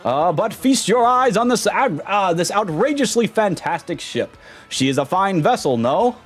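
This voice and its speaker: A man voicing a pompous, boastful ship owner from a video game, lifted high and grand, each phrase drawn out with theatrical pride. Faint game music plays behind him. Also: very animated, normal speed, breathy edge, full character voice. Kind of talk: reading game dialogue aloud in voice.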